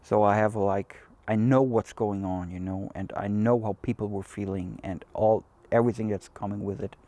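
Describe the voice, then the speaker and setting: A man's voice: lowish voice, fairly even intonation, normal speed, warm tone, dry recording. A man hosting a cigar show, talking in a loose, rambling way with many fillers and restarts. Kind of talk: casual chat.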